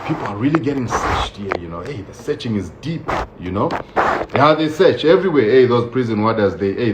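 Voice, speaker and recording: A man telling his own story in a casual, animated way, laughing often and acting out the voices of others. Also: medium pitch. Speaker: show host recounting his own experience. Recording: roomy, dull lo-fi sound with faint hiss.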